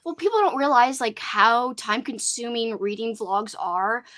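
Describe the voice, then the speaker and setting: A woman's voice: fairly high pitch, moderate pace, fairly bright tone. A young woman hosting a casual livestream chat about books, talking loosely with plenty of fillers and reading out viewer comments. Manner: chatty, lots of "like" fillers, reads chat aloud. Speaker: booktube host.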